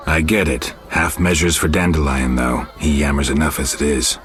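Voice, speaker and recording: A man's voice: a bass voice, little pitch movement, normal speed, a bit bright, faint music behind. A man voicing a weary, stoic male monster hunter who speaks in a dry, terse, sardonic way. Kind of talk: video game voice acting.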